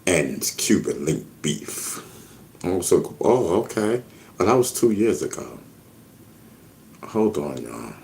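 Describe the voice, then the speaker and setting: Deep slow-talking guy on a livestream, reading chat comments out loud, bit of faint room noise. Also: sing-song, gravelly. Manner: reads chat comments aloud, repetitive catchphrases. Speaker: livestream host.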